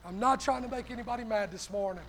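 A man's voice: sits high, fast talker, a bit bright, a little hiss or hum. A male pastor preaching a sermon, punching his lines with a repeated "hey".

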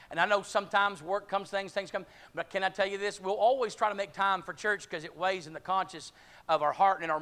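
Male preacher, high-pitched, fervent, shouting in bursts, church sermon.

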